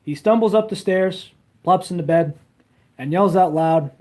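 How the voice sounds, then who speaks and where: A man's voice: sits high, a little slow, darkish tone. A young man rambling casually on a phone livestream, crude and full of fillers while he reads comments. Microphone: handheld phone.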